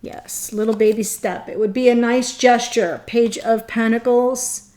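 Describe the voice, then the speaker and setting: A woman giving a tarot reading to her viewers, earnest and thinking aloud, often pausing between short phrases. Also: a little high, fairly even intonation, warm tone. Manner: addresses viewers directly. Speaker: tarot reader.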